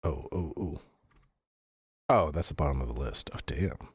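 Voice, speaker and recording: A man's voice: extremely low pitch, expressive, moderate pace, slightly rough, dry recording, clean studio sound. A man streaming a game, chatting casually with viewers and reading out their messages, laughing often and swearing casually, with lots of fillers. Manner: rambling, with fillers and self-corrections.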